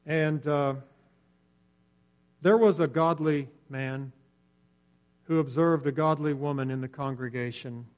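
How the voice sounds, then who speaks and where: A man preaching a sermon in earnest, swelling louder on key points and dropping nearly to a whisper. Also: a little high. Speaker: pastor.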